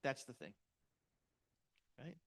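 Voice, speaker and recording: A man's voice: slow pace, fairly bright tone. A middle-aged man giving a motivational seminar talk, punchy and asking the audience questions. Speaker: motivational speaker.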